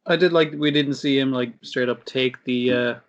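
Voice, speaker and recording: A man's voice: medium pitch, fairly even intonation, normal speed. A man co-hosting an anime podcast, chatting casually, swearing and acting out scenes. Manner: casual, swears, acts out quotes. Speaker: podcast co-host. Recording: dull lo-fi stream audio.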